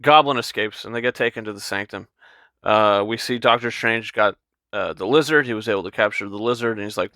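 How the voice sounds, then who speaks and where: Chatty man reviewing a film, bright voice. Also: fairly low pitch, brisk, no echo, studio quality. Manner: enthusiastic, rambling with fillers and restarts. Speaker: movie reviewer. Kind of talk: casual spoken film review.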